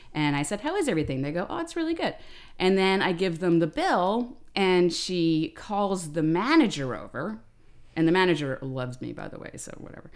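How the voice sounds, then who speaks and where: A woman co-hosting a podcast, telling stories in a lively, ranting, freely swearing way. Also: low voice. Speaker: podcast co-host. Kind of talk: casual chat, storytelling.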